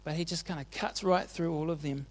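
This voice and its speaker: Casual male preacher, slightly high voice, chatty, keeps asking the room "right?". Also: steady tone, fairly quick. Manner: chatty and informal, often checks in with the audience. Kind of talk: casual sermon retelling Bible stories.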